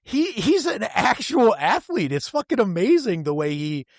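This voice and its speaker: Lively higher-voiced man discussing a film. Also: dry recording, clean studio sound. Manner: expressive, drawn-out emphasis, swears. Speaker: film podcast panelist.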